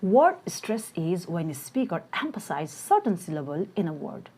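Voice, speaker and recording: A woman reading a scripted English lesson, slowing down to model word pronunciations. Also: fairly low pitch, sing-song, a little mellow. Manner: slow, deliberate pronunciation drills. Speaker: English teacher.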